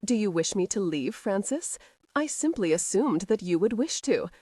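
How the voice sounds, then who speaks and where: A woman's voice: mid-range voice, sing-song, moderate pace, warm tone, no room sound. A woman voicing a mocking, drawling aristocratic husband in an audiobook romance.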